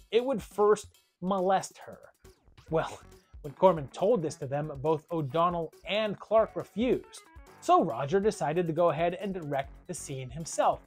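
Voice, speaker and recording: Horror review host, mid-pitch, animated and wry, faint music bed. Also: husky. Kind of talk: scripted video review narration.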